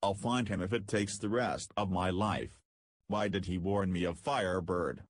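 A man reading as a bitter young spaceman, low and husky. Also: steady tone, moderate pace, no echo, studio quality. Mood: determined. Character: young male spaceman, angry and driven.

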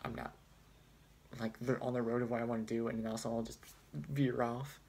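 Rambling young man with gravelly voice. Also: mid-range voice, level tone, fairly quick, a little mellow, slight background noise. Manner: rambling, hesitant, self-deprecating. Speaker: student vlogger. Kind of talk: casual chat. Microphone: phone.

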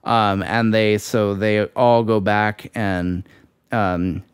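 A man co-hosting a podcast, slowly recapping a film plot in a halting way with fillers. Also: lowish voice, fairly even intonation, clean tone, no room sound, studio quality. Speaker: podcast co-host. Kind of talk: casual film discussion.

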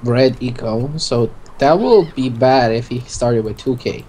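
A man's voice: mid-range voice, a little slow, dark tone, slight background noise. A man co-commentating a strategy game match in casual chat, teasing and confident in his picks.

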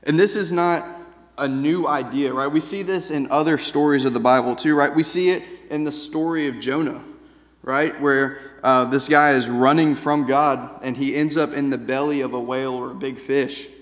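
Speaking at a moderate pace in a mid-range voice with fairly even intonation, a preacher delivers a relaxed, conversational sermon. His frequent "right?" checks with the listeners echo through the long reverb of the church sanctuary.

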